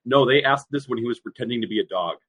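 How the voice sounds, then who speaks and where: Husky wry wrestling referee. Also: male voice, medium pitch, fast talker, a bit bright. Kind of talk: casual podcast chat.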